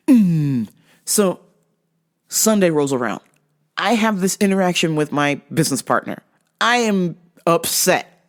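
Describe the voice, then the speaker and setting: A woman's voice: on the low side, big pitch swings, unhurried, pauses often. A woman podcast host and business owner telling a story as a casual, profane, exasperated rant.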